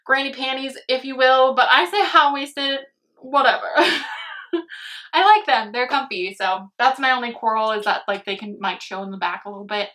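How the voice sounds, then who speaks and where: Young woman, fashion vlogger, chatty and bubbly, somewhat high voice, casual try-on talk. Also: a little fast, sharp tone. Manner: chatty, bubbly, laughs often, calls viewers babes and loves. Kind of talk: casual try-on haul chat.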